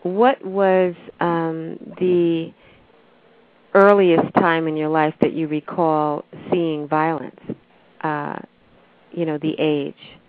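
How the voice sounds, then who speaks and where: A woman hosting an interview, asking polite and measured questions with small hesitations. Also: low-pitched, flat delivery, dry recording. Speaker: interview host. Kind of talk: radio interview. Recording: tinny phone-like radio audio.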